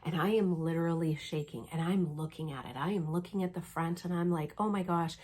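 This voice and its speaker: A woman's voice: sits low, steady tone, brisk, darkish tone, slightly rough. A woman vlogger telling a story in casual chat, acting out her own reactions with lots of fillers. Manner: chatty with many fillers. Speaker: cross stitch vlogger.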